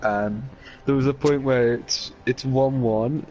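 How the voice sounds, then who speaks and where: A man in a casual gaming chat who gets excitable and loud when recalling hype moments. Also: medium pitch, slow, dull audio.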